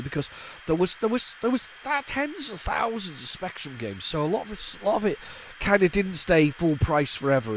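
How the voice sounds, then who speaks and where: A man's voice: medium pitch, slight background noise, rough recording. A man in his forties, hosting a retro gaming channel, rambling and nostalgic, with frequent stammering restarts and repeated words. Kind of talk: casual off-the-cuff commentary while loading a tape.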